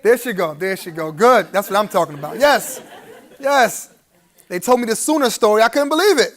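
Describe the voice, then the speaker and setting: Keynote speaker at a gala: a man with a strikingly high voice, preacherly delivery with humorous chuckling asides. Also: lively intonation, normal speed, a bit bright, a faint crowd. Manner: emphatic rising appeals to the audience. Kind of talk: live keynote speech at a gala dinner.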